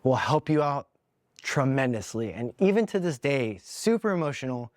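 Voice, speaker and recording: A man's voice: medium pitch, sing-song, normal speed, no room sound, clean studio sound. A young adult man hosting a podcast, telling a personal story in an earnest, candid way, emotional and holding back tears. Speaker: podcast host.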